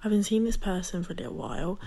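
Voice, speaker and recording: A woman's voice: mid-range voice, fast talker, vocal fry, warm tone. Young woman with a lisp. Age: young adult. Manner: hesitant, filler-heavy. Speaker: caller. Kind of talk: voice-message dilemma.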